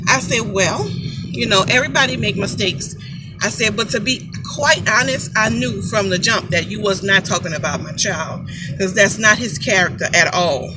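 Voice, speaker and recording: A woman's voice: mid-range voice, normal speed, music in the background, rough recording. A mother casually telling a story to camera, chatty and emphatic, repeating phrases for weight.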